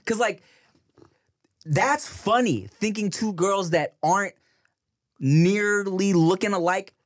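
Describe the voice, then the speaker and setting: A man co-hosting a podcast, chatting casually, reacting quickly and picking apart the comedy. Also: sits high. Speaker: podcast co-host. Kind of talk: casual chat.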